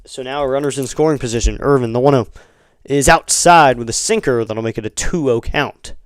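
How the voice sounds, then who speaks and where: A man giving live fan play-by-play commentary on a baseball game, chatty between pitches and louder and quicker on big plays. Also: clean tone, dry recording, studio quality. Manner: conversational, rising to excited calls on big plays.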